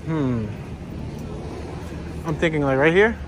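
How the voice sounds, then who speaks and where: A man talks loosely and jokingly to his camera while strolling outdoors, drifting from one topic to the next. His voice sits a little high for a man. Faint city sounds hum behind him. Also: lively intonation, takes it slowly. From North Philadelphia. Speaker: walking tour vlogger. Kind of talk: casual chat while walking.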